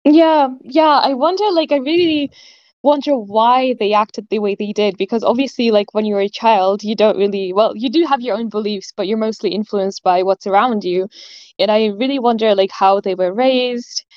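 A young woman from Switzerland, a podcast guest, talking in a relaxed, reflective way with lots of "like". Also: on the high side, moderate pace, no echo, muffled recording. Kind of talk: casual chat.

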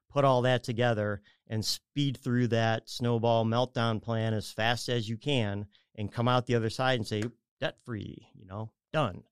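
A man's voice: fairly low pitch, clean tone, no room sound, studio quality. A man on a radio show casually explaining home equity and debt, rambling and correcting himself as he goes. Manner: rambling, self-correcting, acts out clients' voices. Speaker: mortgage advisor guest.

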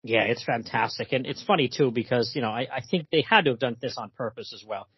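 Guy chatting comics, husky voice, lots of uh and you know, flat muffled audio. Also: mid-range voice, quick pace, no echo. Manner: chatty, hesitant, with frequent fillers and laughs. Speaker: comics podcast co-host. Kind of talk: casual chat.

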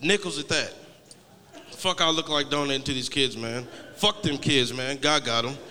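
A man in his late twenties doing a stand-up set, laid-back and rambling, heavy on profanity and a little high. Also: normal speed, pushed and bright, long reverb tail. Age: 20s. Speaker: stand-up comedian.

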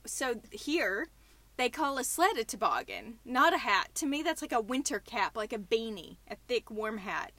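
A woman's voice: a little high, expressive, a little slow, bright, forceful tone, dry recording. A woman in her forties with a Southern US accent, hosting a podcast in a casual, chatty way. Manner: chatty, laughing storyteller. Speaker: podcast host.

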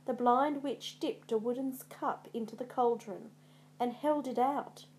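A woman narrating a storybook in a dramatic, measured way. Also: on the high side, darkish tone, slight background noise.

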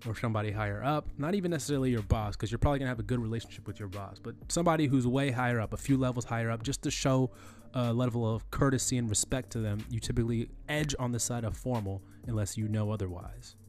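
A man's voice: medium pitch, quick pace, few pauses, darkish tone, soft background music. A man teaching in a loose, conversational way, often restarting and repeating phrases with fillers. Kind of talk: screen-recorded tutorial on email etiquette.

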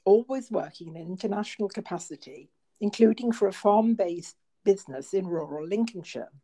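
A woman from Merseyside with a soft northern English accent, introducing herself as a guest in a measured, articulate way. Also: medium pitch, low-quality recording. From Merseyside, England. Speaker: guest, team member. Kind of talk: prepared self-introduction.

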